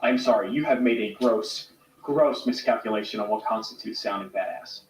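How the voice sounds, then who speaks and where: A man's voice: on the low side, moderate pace, a little hiss or hum, lightly acted. An actor playing an exasperated, sarcastic man who has completely run out of patience, heard as distant, roomy clip audio.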